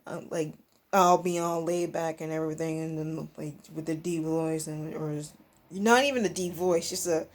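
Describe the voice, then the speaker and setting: A young female vlogger, with a steady, darkish voice at normal speed, tells a rambling, casual story. She restarts sentences, interrupts herself, and imitates others with quick high, squeaky voices.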